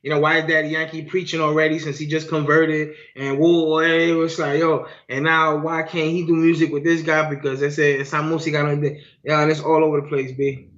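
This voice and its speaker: A man's voice: a little high, flat delivery, fairly quick, hardly any pauses, fairly bright tone. A man co-hosting a podcast in casual chat, slangy. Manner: slangy, calls listener "son" and "B". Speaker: podcast co-host. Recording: dull lo-fi sound.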